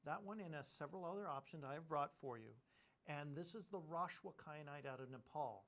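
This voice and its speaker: A man's voice: on the high side, brisk, fairly bright tone. A man co-hosting a live jewelry shopping presentation, explaining gem sources and craftsmanship in detail.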